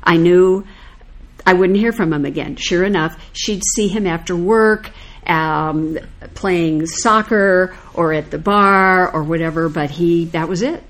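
An older woman with a voice on the low side tells a story slowly in casual conversation. She's an animated anecdotal storyteller who acts out the lines people said.

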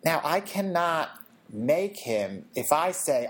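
A woman speaking as a guest in a conversation, explaining ideas calmly and acting out gentle quoted lines. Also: low-pitched, slow. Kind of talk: casual conversation.

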